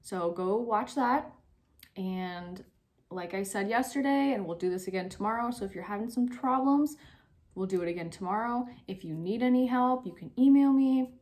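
A young woman teacher giving a recorded spelling lesson to young pupils, spelling words out slowly letter by letter and encouraging them. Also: mid-range voice, expressive, a little mellow.

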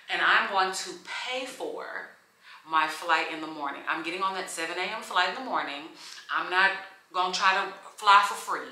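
A woman's voice: low-pitched, pushed and bright. A young woman vlogging to camera in a hotel room, venting and emotional, holding back tears. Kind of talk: casual vlog talk to camera. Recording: echoey room.

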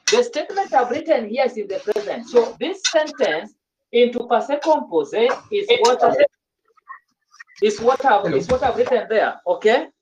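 In an online class, a woman with a slightly high voice teaches French grammar, frequently repeating and restarting her words. The video call audio is dull and lo-fi, with a little hiss or hum.

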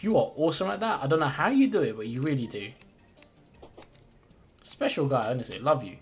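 A man's voice: mid-range voice, animated, brisk, soft background music. Chatty male streamer thinking aloud. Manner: chatty, thinks aloud, greets and thanks chat viewers. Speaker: live streamer playing a building game. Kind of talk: casual live-stream chat.

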